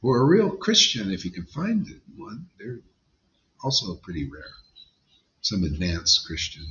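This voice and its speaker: A man preaches bluntly and casually to his listeners, his pitch swinging up and down with every point. The sound is dull and lo-fi. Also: huge pitch swings, a little slow, bright, forceful tone, a little hiss or hum. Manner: emphatic, blunt, conversational, says "man" often. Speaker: spiritual teacher. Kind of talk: informal devotional sermon to a live audience.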